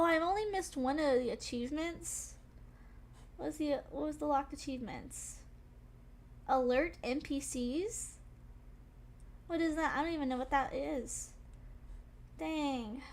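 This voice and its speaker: Woman, young, high voice, casual streamer chat, rambling, faint background hiss. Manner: chatty, rambling, shaken and breathless after a scare. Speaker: gaming streamer.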